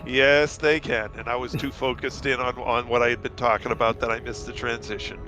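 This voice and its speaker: A man's voice: medium pitch, flat delivery, fast talker. A man chatting casually on a headset in a group voice chat, rambling with many fillers, a little tipsy and half asleep.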